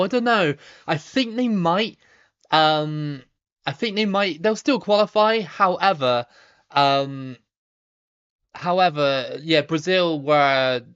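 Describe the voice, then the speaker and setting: A man in his thirties with a Somerset accent, chatting casually on a live stream while reading viewer comments, relaxed, with lots of ums and restarts. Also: fairly high pitch, clean tone, muffled recording. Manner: relaxed, chatty, frequent ums and repeated starts, laughs easily.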